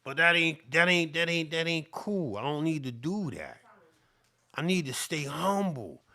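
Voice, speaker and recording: A man's voice: a little high, animated, unhurried, bright, forceful tone. A middle-aged man ranting off the cuff to camera, profane and repetitive, sweating and worked up. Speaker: beatmaker. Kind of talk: heated off-the-cuff rant to camera.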